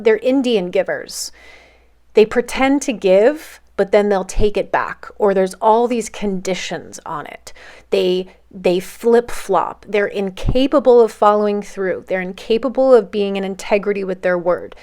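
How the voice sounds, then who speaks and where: Casual woman narrator, mid-pitched, chatty storytelling full of fillers. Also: a little slow, a little mellow. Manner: loose, filler-heavy narration with "like" and "um". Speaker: narrator of a group's history series.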